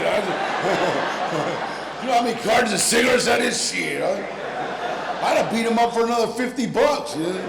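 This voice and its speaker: An older man telling animated, slangy personal stories to an audience. He laughs often as he talks. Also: high-pitched, gravelly. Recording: echoey hall, faint room noise.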